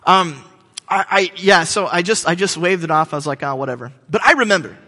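A man's voice: sits high, fairly quick, sharp tone. A man in his thirties preaching a sermon in a church hall, telling jokes and stories, with many fillers and restarts. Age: 30s. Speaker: pastor. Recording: long hall reverb.

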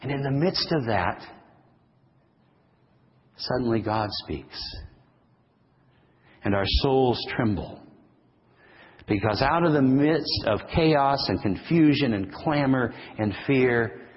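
A man preaching a sermon as pastor, moving between loud, rising calls and quiet, slow passages. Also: big-room sound, dull audio. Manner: dynamic preacher, swings from booming to hushed.

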